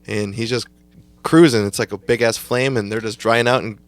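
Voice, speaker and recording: A young man with a fairly low voice co-hosts a casual podcast. He tells long family stories in a loose, rambling way, swears freely and often laughs through his own punchlines. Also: flat delivery, brisk, no room sound. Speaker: podcast co-host. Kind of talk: casual storytelling chat.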